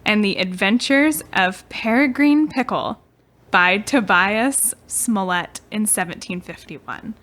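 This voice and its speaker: A woman's voice: mid-range voice, slow, fairly bright tone. A young woman co-hosting a podcast, telling a story in a casual, chatty way, often giggling and trailing off mid-sentence. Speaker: podcast co-host.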